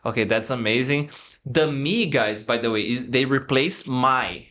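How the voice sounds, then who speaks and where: A man's voice: medium pitch, measured pace, a bit bright. A man whose first language is Portuguese, hosting a podcast in English, playful and joking, imitating accents. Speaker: podcast host. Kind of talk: casual interview in English.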